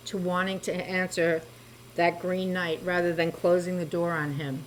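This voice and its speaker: A woman giving a spoken tarot reading, gentle and reassuring, talking to the listener about cards and spiritual healing. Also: fairly low pitch, flat delivery, normal speed, slight background noise, low-quality recording. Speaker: tarot reader.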